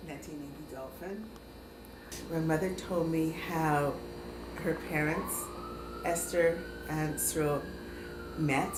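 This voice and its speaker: Lower-voiced woman recounting family history. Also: steady tone, takes it slowly, long pauses. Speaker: interviewee. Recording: echoey room with noise.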